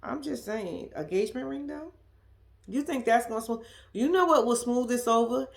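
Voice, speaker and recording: A woman's voice: fairly high pitch, animated, moderate pace, vocal fry. A woman giving a blunt, profane, sassy recap of a reality show in casual chat, laughing often. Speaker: reaction commentator.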